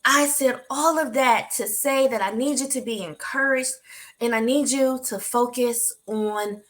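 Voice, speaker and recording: A woman with a slightly high, bright and forceful voice tells a candid story on her talk show. She speaks to her listeners directly, animated and heartfelt, with a motivational drive. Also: unhurried. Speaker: host of a talk show for women.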